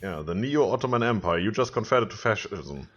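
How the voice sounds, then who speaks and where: A man's voice: lowish voice, expressive, moderate pace, a bit bright, dull audio. A man co-hosting a let's play, chatting casually and planning strategy aloud as he plays. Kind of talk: casual gameplay commentary.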